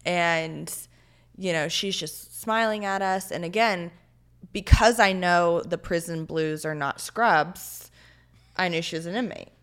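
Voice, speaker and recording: Low-voiced woman in her twenties, earnest. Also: measured pace, smooth. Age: 20s. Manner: earnest, heartfelt, full of "like" and "you know". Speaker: podcast guest. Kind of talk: storytelling in a casual interview.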